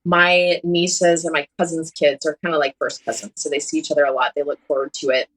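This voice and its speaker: Thirties woman guest with a low voice; frank, joking, easygoing conversation. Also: fairly even intonation, fairly quick, fairly bright tone, poor audio. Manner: candid and self-mocking, laughs as she talks. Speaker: surgeon, podcast guest. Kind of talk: casual conversation.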